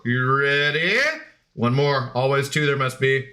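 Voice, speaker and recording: A man's voice: medium pitch, little pitch movement, unhurried, sharp tone, smooth. A man streaming live, chatting casually with viewers in a rambling way and slipping into sing-song baby talk with his dog.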